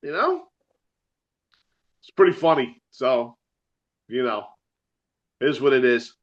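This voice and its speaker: A man's voice: mid-range voice, expressive, slow, dull audio. A man with a New Jersey accent, a metal musician chatting as an interview guest, rambling, swearing freely and laughing often. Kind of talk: casual chat.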